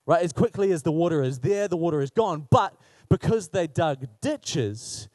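A man's voice: a little high, expressive, moderate pace, a little mellow, no room sound. Chatty man preaching. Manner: conversational, humorous preaching. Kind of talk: sermon.

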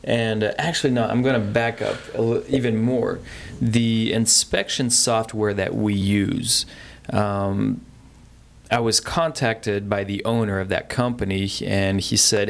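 A man's voice: fairly low pitch, steady tone, a little slow, creaky. A man, a home inspector, talking as a guest in a radio interview in an easygoing, plainspoken way. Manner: easygoing, plainspoken, brief replies.

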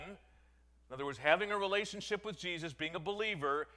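A man's voice: sits high, fairly quick, pushed and bright. A man leading a Bible study, reading scripture aloud and breaking off to explain it with casual, self-correcting asides. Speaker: Bible teacher.

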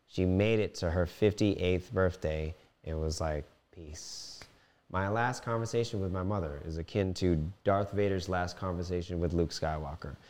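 A young man telling a raw personal story, swearing freely and swinging between playful voices and heavy quiet. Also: low-pitched. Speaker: guest telling his life story.

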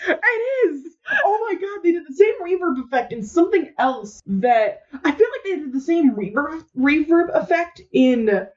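A woman hosting a casual podcast, steering the talk with a lively voice that swings widely in pitch. The sound is dull and lo-fi. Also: moderate pace. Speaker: podcast host reviewing a film. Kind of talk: casual chat.

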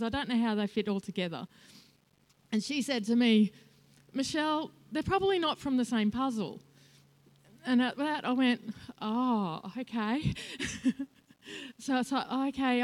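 A middle-aged woman sharing a personal church testimony, emotional and soft-spoken, with frequent pauses. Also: fairly high pitch. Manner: emotional, soft-spoken with many fillers and laughs. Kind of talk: testimony talk.

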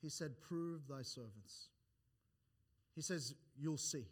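This pastor's voice is fairly high and his pace slow as he delivers a sermon in church. Restarting phrases and repeating words between points, he builds each point with rising emphasis and cites scripture in archaic wording.

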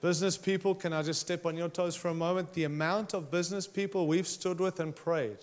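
Pastor, male, preaching an emphatic, passionate sermon in a slightly higher voice. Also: steady tone, quick pace, hardly any pauses. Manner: impassioned, emphatic preaching with direct challenges to listeners.

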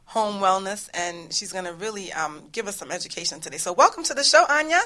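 A woman with a New York accent hosts a casual radio talk show. She teases her guests and laughs a lot, and music plays clearly behind her. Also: medium pitch, lively intonation, fast. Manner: playful, teasing, laughs often. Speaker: radio show host and coach.

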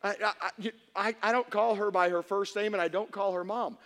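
A man preaching a humorous sermon to a congregation, telling stories in an animated way that swings from hushed to shouting. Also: sits high, brisk. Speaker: pastor. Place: church hall before an audience. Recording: reverberant hall.

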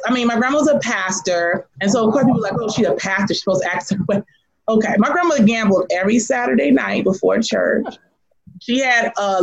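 An animated woman telling stories as a guest on an interview, her voice sitting somewhat high. The sound is dull and lo-fi. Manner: animated, laughing, storyteller. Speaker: guest, artist and teacher. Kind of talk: casual storytelling interview.

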